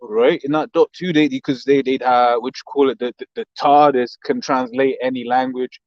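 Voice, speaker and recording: A man's voice: medium pitch, fairly even intonation, fairly quick, no echo, lo-fi sound. A man with a London accent in a casual religious discussion, talking animatedly with many restarts and reading scripture aloud. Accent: London English. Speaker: co-host.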